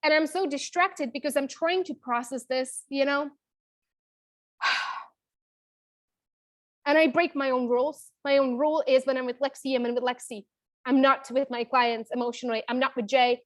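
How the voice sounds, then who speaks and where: A woman's voice: sits high, steady tone, moderate pace, pauses often, no echo. A woman in her thirties, a business coach, telling a personal story in an emotional, confiding way. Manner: emotional, confiding, frequent "you know".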